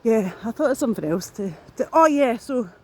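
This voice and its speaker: A woman's voice: on the high side, animated, fairly quick, breathy edge. A woman rambling to camera while she walks outdoors, out of breath, with plenty of restarts and swearing. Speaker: vlogger. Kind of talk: casual talk to camera.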